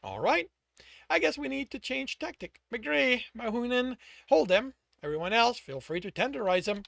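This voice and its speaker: Man playing a loud, sneering lanky thug; raised, gravelly pitch. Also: sing-song, fairly quick, no echo, clean studio sound, full character voice. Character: lanky, cruel male thug with a stick.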